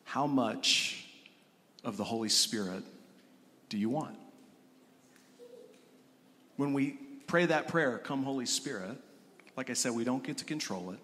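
Male pastor, mid pitch, sermon delivery, hall reverb. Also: expressive, unhurried, long pauses, bright, forceful tone.

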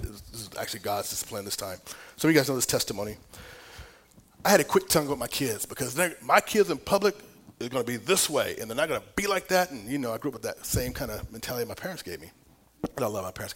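A middle-aged man preaching a sermon, telling a personal story with big swings from whispers to loud, laughing exclamations. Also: mid-range voice, slightly rough. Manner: animated storytelling, dropping to whispers and rising to near shouts.

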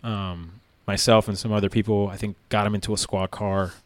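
A man's voice: fairly low pitch, fairly quick, no echo. A man, a former police officer, recounting a story casually with lots of fillers. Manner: relaxed, rambling with many fillers.

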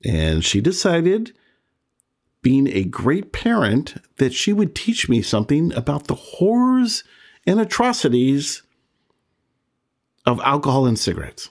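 A man's voice: a little high, wildly swooping pitch, a little slow, long pauses. A man in his sixties hosting a podcast, telling a personal story in a candid, self-deprecating way and chuckling as he remembers. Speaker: podcast host.

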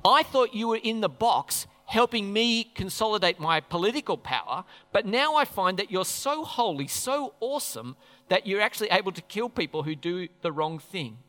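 A man's voice: high voice, big pitch swings, normal speed, fairly bright tone. A man preaching who briefly voices an anxious, incredulous ancient king with exclamatory outbursts. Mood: alarmed. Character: flustered, anxious ancient king, male adult. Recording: echoey hall reverb.

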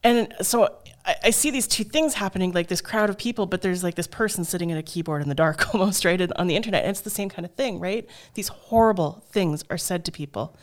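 A woman's voice: on the low side, fast talker. A woman in a casual discussion, reflective and chatty, laughing lightly as she talks. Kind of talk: casual chat.

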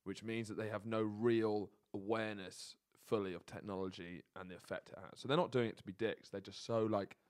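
A man's voice: on the low side, steady tone, fairly quick, hardly any pauses, a little mellow. A young man co-hosting a casual comedy podcast, delivering mock-serious rants and laughing often. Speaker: podcast co-host.

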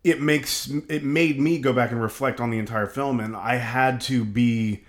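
A man's voice: mid-range voice, steady tone, moderate pace. Casual man reviewing a film. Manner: hedging, frequent "like" and restarts. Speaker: film podcast co-host.

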